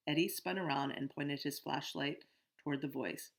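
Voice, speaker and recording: A woman reading a children's novel aloud in steady, first-person storytelling. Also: low-pitched, normal speed, gravelly. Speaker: audiobook narrator. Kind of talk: scripted first-person narration.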